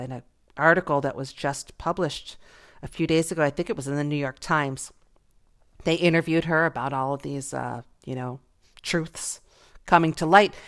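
A middle-aged woman hosting her own podcast, talking casually and chattily with frequent laughs. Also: low voice. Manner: chatty, gossipy, laughs often, animated. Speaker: podcast host. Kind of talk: casual solo podcast monologue.

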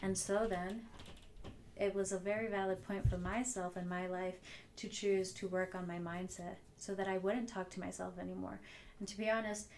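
A woman's voice: medium pitch, flat delivery, normal speed, darkish tone, a little hiss or hum. A woman hosting a solo motivational podcast, earnest and reflective, often repeating phrases for emphasis. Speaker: podcast host.

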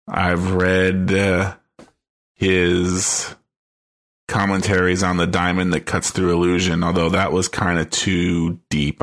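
A man's voice: deep voice, gravelly, a bit bright. A man chatting casually on a podcast, often hesitant, full of ums and likes as he feels for his words. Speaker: podcast co-host.

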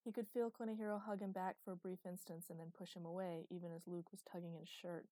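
A woman narrating a story aloud in a steady reading voice. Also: lowish voice, fast talker, no room sound. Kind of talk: audiobook narration.

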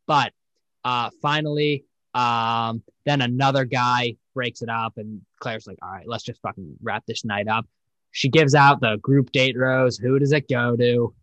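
A young man rambles through a dating-show recap with plenty of swearing and mocking voices. His pitch sits mid-range. The sound is dry and close, with no room echo. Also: fairly bright tone. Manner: rambling, profane, acts out quotes in mocking voices. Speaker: podcast host.

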